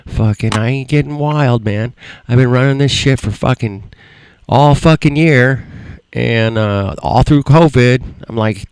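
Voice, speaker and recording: Gravelly, profane livestream host ranting. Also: male voice, mid-range voice, unhurried, a little mellow, dry recording. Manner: profane, rambling, bitter. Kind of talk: frustrated rant.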